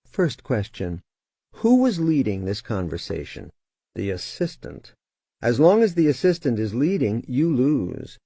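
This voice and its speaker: A man's voice: fairly low pitch, dark tone, husky, no room sound, studio quality. A man narrating a sales lesson in an assertive, emphatic way, acting out short phone dialogues. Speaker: sales trainer. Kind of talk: audiobook-style instructional narration.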